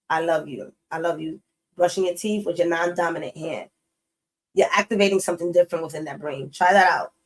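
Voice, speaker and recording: A woman's voice: on the low side, poor audio. A woman giving a casual tarot reading straight to her viewers. She talks bluntly, swears freely and repeats her points for emphasis. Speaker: tarot reader.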